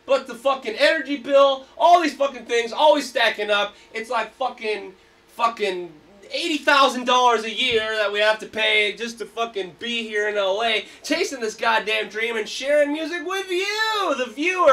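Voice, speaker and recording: A man hosting a casual livestream, rolling from chat into hyped, profane rants. His voice sits high with a bright, sharp edge. He sounds a little away from the mic. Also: moderate pace, distant mic. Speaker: livestream host.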